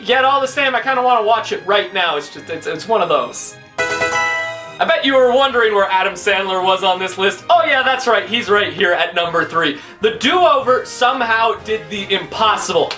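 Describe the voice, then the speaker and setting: A woman's voice: medium pitch, lively intonation, normal speed, pushed and bright, faint music behind. A woman movie reviewer ranting through a countdown of bad films, exasperated and profane.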